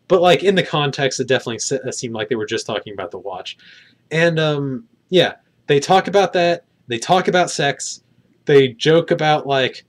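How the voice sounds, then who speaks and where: A man's voice: mid-range voice, lively intonation, normal speed. A man giving a casual spoken film review outdoors, rambling and hedging with many fillers.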